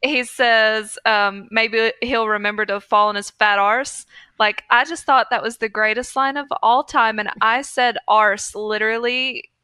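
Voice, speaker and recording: A woman's voice: on the high side, fairly even intonation, unhurried, sharp tone, smooth, no room sound. A young woman co-hosting a casual podcast chat, chatty and fannish, laughing often. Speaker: podcast co-host.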